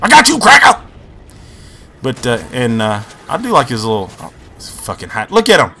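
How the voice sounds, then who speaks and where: A man hosting his gaming channel, giving excitable, profane, rambling commentary over his own gameplay. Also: mid-range voice, a little fast.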